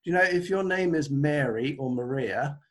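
Still getting over an illness, the pastor preaches on a video call in an earnest, conversational style, poking fun at himself along the way. He talks at a normal speed in a somewhat high, animated voice.

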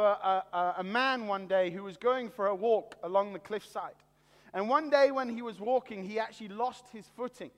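A male pastor delivering a sermon to people watching, earnest and deliberate with slow dramatic pauses. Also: sits high, fairly bright tone. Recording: long hall reverb.

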